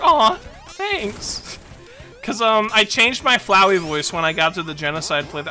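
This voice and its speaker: A woman's voice: on the low side, bright, forceful tone. A woman streaming a video game, chatting casually and rambling, self-deprecating and laughing often. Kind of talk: casual gaming stream chat. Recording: game music behind.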